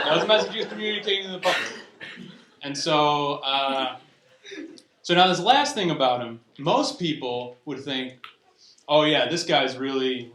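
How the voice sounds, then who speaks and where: A young man doing stand-up comedy with a bright, forceful voice that sits a little high. He rambles and restarts his sentences. It's a live room recording with a roomy echo and faint noise. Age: young adult. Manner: rambling, self-interrupting delivery with restarts. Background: audience laughter.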